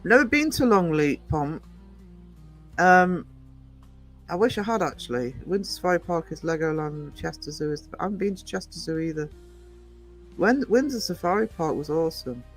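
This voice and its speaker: A woman's voice: sits low, animated, normal speed, soft background music, low-quality recording. A woman from northern England hosting a casual live stream, chatty, reading out the chat and laughing often. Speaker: livestream host.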